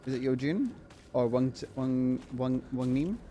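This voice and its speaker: A man streaming a horror game, chatting excitedly with viewers, swearing and laughing as he plays. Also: mid-range voice, unhurried, a little hiss or hum. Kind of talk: casual gameplay commentary.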